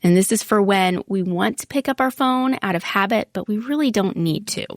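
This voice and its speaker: A woman co-hosting a marriage podcast, calmly explaining and steering the conversation. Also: mid-range voice, moderate pace, no room sound, studio quality. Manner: steady, explanatory, steers the talk. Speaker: podcast co-host. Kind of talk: casual chat.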